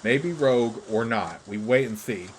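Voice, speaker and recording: A man's voice: mid-range voice, expressive, unhurried, a little hiss or hum, lightly acted, rough recording. A man voicing a shrewd, talkative male creature who wanders a fantasy game world, speaking in broken, clipped phrases. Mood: matter-of-fact. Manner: broken, clipped pidgin speech.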